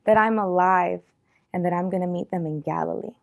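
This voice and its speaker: A woman voicing Jesus in a Bible story, giving plain, calm commands in her own voice. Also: on the low side, fairly quick, vocal fry. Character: risen Jesus, calm male teacher.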